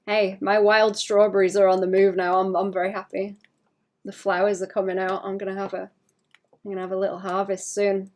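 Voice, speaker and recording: A woman talks casually to her stream audience while she draws. She speaks softly and wanders from thought to thought, filling gaps with "like" and breaking into light laughs. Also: medium pitch, level tone, brisk. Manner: soft-spoken, rambling, laughs often, many "like" fillers. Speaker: art streamer. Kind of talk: casual chat while drawing.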